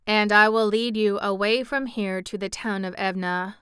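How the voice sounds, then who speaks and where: A woman voicing a polite, formal copper clockwork man in a storybook reading, speaking in a stiff, measured way. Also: mid-range voice, fairly even intonation, fairly bright tone, clean tone, no room sound, clean studio sound, lightly acted. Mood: courteous.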